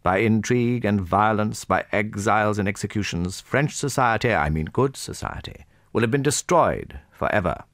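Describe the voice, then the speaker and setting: A man's voice: lowish voice, moderate pace, few pauses, a bit bright, dry recording, clean studio sound, pitched above the performer's own voice. A man voicing an opinionated male guest who speaks emphatically and indignantly in an audiobook reading.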